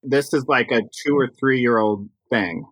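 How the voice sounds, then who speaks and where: Chatty man with a bright, dry voice. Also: medium pitch, a little slow, no room sound. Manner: animated storytelling, chatty with fillers. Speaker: drag performer, guest. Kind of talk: casual interview chat.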